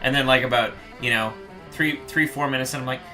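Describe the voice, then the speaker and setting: A man's voice: fairly quick, soft background music. A man co-hosting a band podcast, telling road-trip stories in casual chat and breaking into playful sung impressions. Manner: animated storyteller, mimics singing in falsetto. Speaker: podcast co-host, band member.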